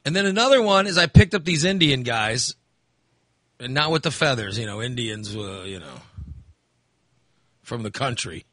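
Animated storytelling man, bright voice. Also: medium pitch, moderate pace, long pauses, no echo. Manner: animated storyteller, acts out voices, swears freely. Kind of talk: casual storytelling chat.

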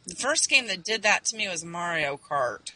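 A woman in casual chat, trading quick remarks and short replies. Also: fairly low pitch, very animated, pushed and bright, no room sound, rough recording. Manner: chatty, short back-channel replies.

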